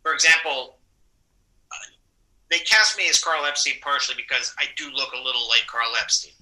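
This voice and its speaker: A man's voice: medium pitch, normal speed, sharp tone, poor audio. A man with a New York accent, an actor telling rambling, self-correcting stories in a casual interview. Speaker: actor guest.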